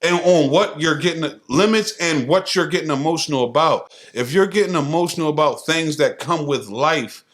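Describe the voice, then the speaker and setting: Man, podcast co-host, blunt and profane, slightly high voice, animated chat. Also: moderate pace, few pauses. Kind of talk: casual chat.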